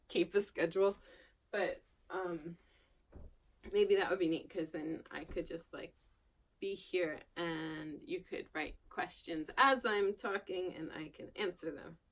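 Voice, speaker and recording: A woman's voice: lowish voice, fairly bright tone. A woman from Long Island with no accent, chatting casually and self-deprecatingly to camera while she works, often dropping to a murmur. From Long Island, New York. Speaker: vlogger. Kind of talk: rambling casual chat while working. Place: indoors at her worktable.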